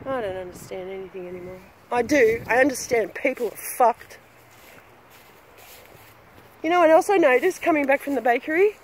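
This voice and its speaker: A woman's voice: on the high side, moderate pace, long pauses, a little hiss or hum, rough recording. A woman, ranting angrily and swearing while filming herself outdoors on her phone. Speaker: vlogger. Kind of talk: angry rant vlog while walking. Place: outdoors on a street.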